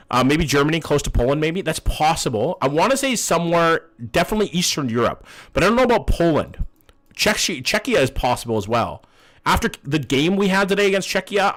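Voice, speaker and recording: A young man streams a guessing game, talking loosely and swearing a lot between greetings to viewers. His voice sits a little higher than most men's. He rambles, jokes and hypes up good rounds. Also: fairly bright tone. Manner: chatty, profane, greets chat often. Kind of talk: casual live-stream commentary.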